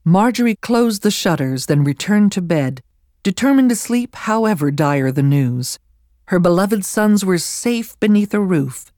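A narrator reads a historical novel in a measured, even way, close to the microphone. The sound is dry with no room around it, and the pitch sits in the middle. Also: no echo. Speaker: audiobook narrator. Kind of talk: scripted narration.

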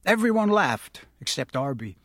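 A man's voice: a little high, big pitch swings, moderate pace, fairly bright tone, no room sound, clean studio sound. A man narrating a novel aloud, shifting his voice up for the characters he quotes. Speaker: audiobook narrator.

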